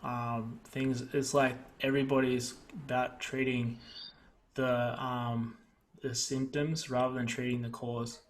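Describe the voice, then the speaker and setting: Male podcast host; middle pitch, reflective and conversational. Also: flat delivery, takes it slowly.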